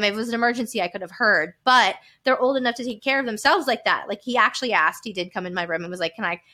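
A woman's voice: medium pitch, bright, forceful tone. A woman in her thirties, a podcast guest, talking openly and with animation, often laughing. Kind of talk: candid personal storytelling.

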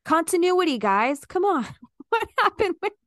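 A woman in her thirties co-hosting a podcast, excitable and swearing while she laughs and chats. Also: very high voice, normal speed, no echo, clean studio sound. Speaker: podcast co-host. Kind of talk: casual chat.

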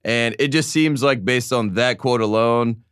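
A man co-hosting a sports podcast, chatting casually and joking, with quick animated asides. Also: medium pitch, clean tone, dry recording, studio quality. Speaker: podcast co-host.

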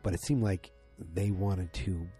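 A man casually recapping a TV episode. He rambles excitedly and acts out the lines he quotes. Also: deep voice, a little slow, faint music behind.

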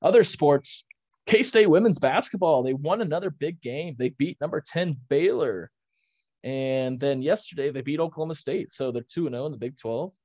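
A man's voice: a little high, moderate pace, darkish tone, no room sound, lo-fi sound. A young man co-hosting a casual sports podcast, ranting with energy and often restarting his sentences. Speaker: podcast co-host.

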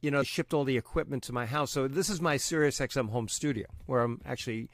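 A man's voice: medium pitch, no echo, studio quality. Chatty Long Island New York man. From Brooklyn, New York. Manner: chatty storyteller, quick asides. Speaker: radio DJ, interview guest. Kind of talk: casual interview chat. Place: home studio. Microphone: studio microphone.

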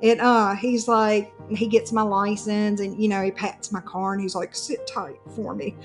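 A woman's voice: medium pitch, level tone, normal speed, faint music behind. A woman telling a personal story in casual chat, acting out both sides of the dialogue.

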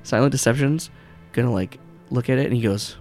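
A man's voice: medium pitch, a little fast, darkish tone, soft background music. A man narrating as game master in a tabletop game, rambling with lots of fillers and swearing.

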